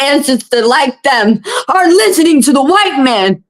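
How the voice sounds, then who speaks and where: Brief: higher-voiced woman, tarot livestream host, passionate and profane. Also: animated, unhurried, few pauses, rough recording. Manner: impassioned, profane, blunt. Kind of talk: heated livestream monologue.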